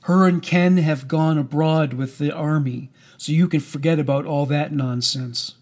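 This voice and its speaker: A man reading the lines of a coarse, threatening middle-aged stepfather in a slow, measured way. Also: fairly high pitch, fairly even intonation, a little mellow. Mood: menacing. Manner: threatening and crude.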